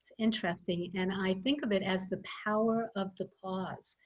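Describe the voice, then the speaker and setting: A woman guest expert reflects aloud in a relaxed webinar chat. Her voice sits mid-range and comes through somewhat dull, like video call audio. She talks thoughtfully, pausing often with ums. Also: mid-range voice. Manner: reflective, thoughtful, with frequent fillers. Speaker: guest expert on early childhood education. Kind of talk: casual webinar conversation.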